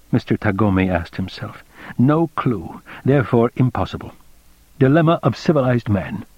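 A man narrating an audiobook in a measured, clipped reading. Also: mid-range voice, husky, dry recording. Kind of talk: scripted narration. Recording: dull dry lo-fi recording.

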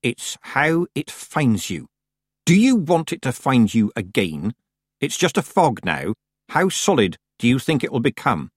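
A male narrator puts on a commanding old witch woman who scolds and snaps. Her voice is husky and a touch raised, full of lively ups and downs. It is a dry, close audiobook reading. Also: mid-range voice, normal speed, no echo. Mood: hissing. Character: stern, sharp-tongued old witch woman. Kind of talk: audiobook character voice.

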